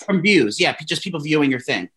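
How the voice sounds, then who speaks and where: A man's voice: a little high, expressive, quick pace, fairly bright tone. Campy, playful man co-host. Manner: campy, playful, calls people "girl". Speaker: podcast co-host. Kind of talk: casual chat.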